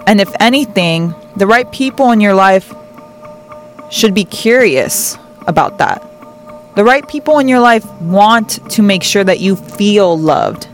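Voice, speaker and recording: A woman hosting a tarot reading show, giving earnest, gentle spiritual advice and repeating words for emphasis. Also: medium pitch, animated, a little slow, faint music behind. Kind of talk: reflective spiritual advice talk.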